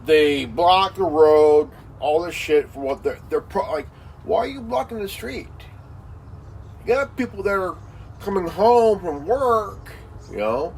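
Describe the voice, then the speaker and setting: High-voiced man in a swearing rant. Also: a little slow, far from the mic, slight background noise, poor audio. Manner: repetitive, heavy fillers like "you know" and "man"; crude, swearing, insulting. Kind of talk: profane casual rant.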